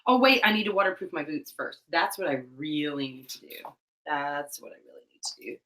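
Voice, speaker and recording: A young woman co-hosting a casual livestream chat, rambling and giggling, getting loud and excited as she tells stories. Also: sits low, brisk, distant mic. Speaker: livestream co-host. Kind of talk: casual chat while cleaning tack. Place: room at home. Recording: roomy echo.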